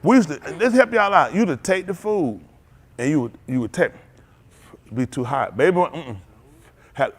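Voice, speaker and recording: A middle-aged man, preaching an animated sermon as pastor, laughing and calling out to the congregation. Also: mid-range voice. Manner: animated preaching with laughs and audience call-outs.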